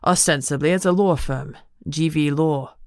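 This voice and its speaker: A woman voicing a dry, blunt male inspector who talks in a flat, matter-of-fact way, in a dry audiobook recording. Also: sits low, normal speed, no room sound.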